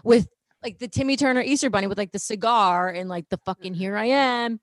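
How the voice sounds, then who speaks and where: A woman's voice: medium pitch, quick pace, dry recording. A young woman co-hosting a casual podcast, chatty and teasing. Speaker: podcast co-host.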